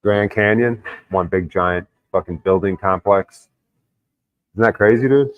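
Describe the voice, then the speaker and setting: Heard through narrow, tinny audio with no room sound, a man with a fairly low voice talks a little slowly while hosting a livestream. He reads out chat messages and argues with them insistently, his casual rant full of swearing.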